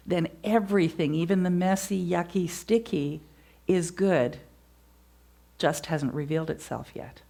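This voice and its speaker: A woman giving a gentle, reflective spiritual talk, telling stories to her congregation. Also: fairly low pitch.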